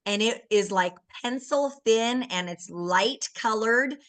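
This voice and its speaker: Woman, bright voice, earnest, emotional, personal testimonial, video call. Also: a little high, slow pace. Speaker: guest giving a testimonial.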